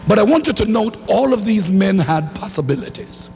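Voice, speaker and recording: A man preaches with fire, his high voice leaping up and down and breaking into shouts. His tone is gravelly, and it rings out with a long hall reverb over a faint hum. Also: expressive, normal speed. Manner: fiery, rising to shouts, call-and-response. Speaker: pastor. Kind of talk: sermon. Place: church sanctuary.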